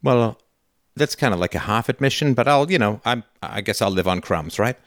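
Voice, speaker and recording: A man's voice: lowish voice, expressive, moderate pace, a bit bright, no echo, studio quality. A man hosting a call-in show, playing a son who confronts his father in a heated, emphatic and sarcastic way, swearing as he goes. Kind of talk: call-in show role-play.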